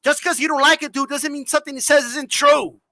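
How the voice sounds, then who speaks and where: High-voiced guy ranting and cussing on a podcast, sharp and punchy, dry close sound. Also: steady tone, fast talker, no echo, poor audio. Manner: profane, loud, mocking, often shouting. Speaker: boxing podcast host. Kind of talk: heated uncensored podcast rant.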